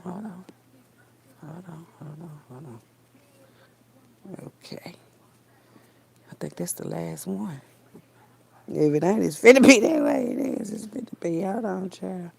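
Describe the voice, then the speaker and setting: A woman's voice: lowish voice, vocal fry, darkish tone. A woman vlogger talking casually to her viewers while braiding her hair, blunt and rambling, calling them baby and child and trailing off into mutters.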